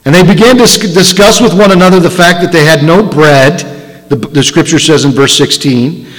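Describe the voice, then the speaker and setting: A man's voice: a little high, normal speed, fairly bright tone. A man, a rabbi, preaching a sermon with emphatic storytelling and frequent restarts. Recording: long hall reverb.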